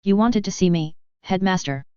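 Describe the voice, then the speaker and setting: A woman's voice: mid-range voice, moderate pace, a little mellow, clean tone, no echo, highs cut off, close to an everyday voice. Draco, a woman voicing a wary teen wizard. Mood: hesitant. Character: wary teenage boy wizard student.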